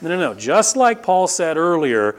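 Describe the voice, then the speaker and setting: A middle-aged male pastor preaching a sermon. He teaches the congregation emphatically and repeats words for stress. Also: normal speed. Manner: emphatic, rises to sharp high bursts and repeats "no, no, no"; teaching, explains Greek grammar to the congregation.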